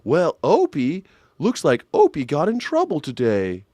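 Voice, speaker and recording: A man putting on a slow, drawling voice as a folksy old-time small-town sheriff, mocking. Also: fairly high pitch, wildly swooping pitch, very noisy.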